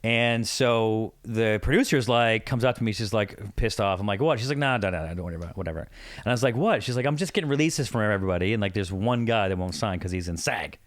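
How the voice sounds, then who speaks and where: A man's voice: lowish voice, fast talker, no echo, studio quality. A man who is a guest on a podcast, telling a travel story in a casual chat, acting out the people in it and poking fun at himself. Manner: lively, acts out quoted voices, self-deprecating.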